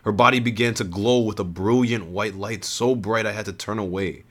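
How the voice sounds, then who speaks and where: Low-voiced man reading a first-person story. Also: steady tone, moderate pace, a bit bright. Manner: earnest, with frequent restarts and rereads.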